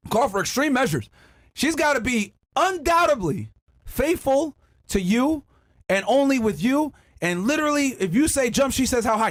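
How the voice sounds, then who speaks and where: Loud high-pitched man ranting. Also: very animated, normal speed. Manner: loud, emphatic, profane ranting. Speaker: podcast co-host. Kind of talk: reaction stream rant.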